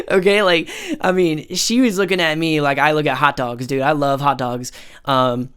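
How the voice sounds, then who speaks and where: A man's voice: fairly high pitch, a little slow, fairly bright tone, clear, resonant tone. A man telling a personal story in a casual, rambling way, swearing often and filling his speech with "like" and "you know". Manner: rambling, profane, heavy filler words.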